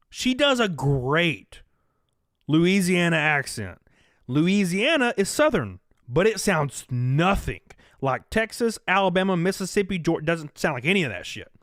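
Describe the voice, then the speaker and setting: A man's voice: high-pitched, fairly bright tone, dry recording, studio quality. A man hosting a casual livestream chat, talking loosely, laughing at his own jokes and reading out donations. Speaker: livestream host.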